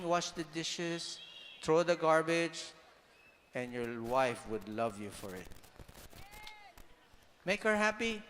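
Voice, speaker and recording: A man giving a motivational talk to an audience, animated, firing rhetorical questions and now and then raising his voice to a shout. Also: high-pitched, a little hiss or hum. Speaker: speaker. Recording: long hall reverb.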